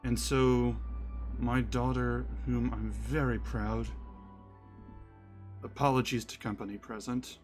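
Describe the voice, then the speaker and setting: A man's voice: medium pitch, little pitch movement, slow pace, long pauses, faint music behind, natural voice. A man voicing a drunk, grieving ancient dragonlord king, ranting in despair. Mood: sorrowful.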